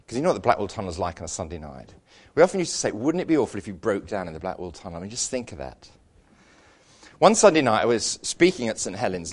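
A middle-aged Englishman preaching a sermon, telling stories with self-deprecating humour. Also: fairly low pitch.

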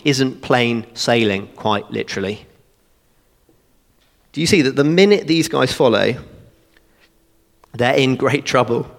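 A man delivers an animated, chatty expository sermon and keeps breaking in with joking asides. His voice sits a little high and swings up and down through a wide range. The sound carries a long reverb, as in a church hall. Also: vocal fry. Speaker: preacher.

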